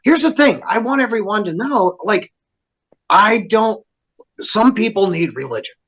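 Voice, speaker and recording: A man in casual podcast chat who talks fast and bluntly, swearing a lot. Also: high voice, expressive, fairly bright tone, poor audio.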